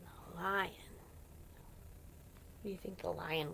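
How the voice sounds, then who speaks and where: A woman reading a picture book aloud to children, gentle and often whispering, with playful animal sounds. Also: deep voice, steady tone, unhurried, vocal fry, long pauses, a little hiss or hum. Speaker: storyteller for children.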